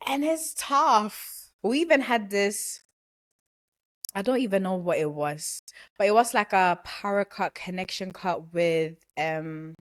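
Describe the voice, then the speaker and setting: A woman's voice: medium pitch, slow pace. A young woman from Ghana hosting a podcast, chatting casually, laughing often and dropping into Caribbean slang. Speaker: podcast host. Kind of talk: casual chat.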